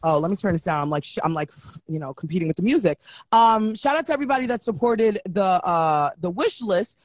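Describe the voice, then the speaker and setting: A woman hosting a live show, telling stories with animated energy and acting out back-and-forth exchanges. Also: fairly low pitch, fairly quick, no echo, soft background music. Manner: animated storyteller who acts out exchanges. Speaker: host of a live online show. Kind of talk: casual live-stream chat. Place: at home.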